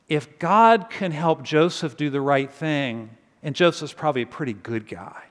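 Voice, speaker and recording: A man preaching a sermon, telling a story in a conversational, animated way and then dropping to quiet intensity. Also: on the high side, big-room sound. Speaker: pastor.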